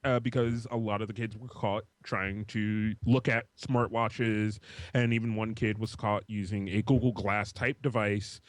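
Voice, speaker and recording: A man's voice: on the low side, fairly even intonation, a little slow, dry recording. A man hosting a podcast, chatting casually, rambling, swearing freely and laughing often. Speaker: podcast host. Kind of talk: casual chat.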